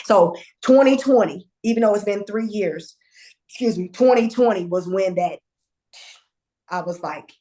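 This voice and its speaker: A woman's voice: mid-range voice, unhurried. Woman telling a candid personal story. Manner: conversational and animated, with fillers and restarts. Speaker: guest.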